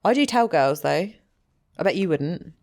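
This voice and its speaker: A woman's voice: on the low side, animated, normal speed, a little mellow. A woman co-hosting a podcast in a casual chat, blunt and teasing. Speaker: podcast co-host.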